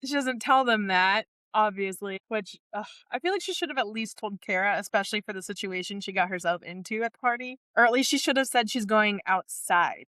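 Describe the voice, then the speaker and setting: A woman's voice: mid-range voice, fairly quick, few pauses, a bit bright, no room sound. A young woman co-hosting a podcast in casual chat, laughing often and chiming in with agreement. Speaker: podcast co-host.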